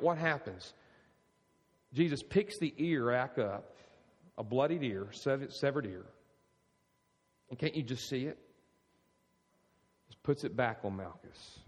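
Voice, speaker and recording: A man's voice: medium pitch, animated, a little slow, long pauses, in a large hall. A man preaching a sermon, telling the story vividly and firing rhetorical questions at his congregation. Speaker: pastor.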